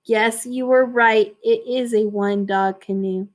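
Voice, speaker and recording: A woman's voice: fairly high pitch, fairly even intonation, slow pace, voice pushed down. A woman reading as a sheepish, apologetic beaver. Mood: sorry. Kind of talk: storybook read-aloud.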